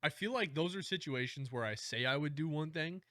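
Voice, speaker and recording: A man's voice: a little high, animated, a little fast, sharp tone, no echo, studio quality. A man co-hosting a podcast, reacting in casual chat with short comments and quips. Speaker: podcast co-host.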